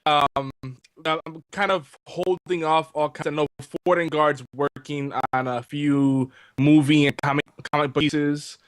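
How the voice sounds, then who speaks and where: A man's voice: a little high, flat delivery, a little slow, clear, resonant tone, no room sound. A man co-hosting a live gaming stream, talking casually and plainly about upcoming content. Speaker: podcast co-host.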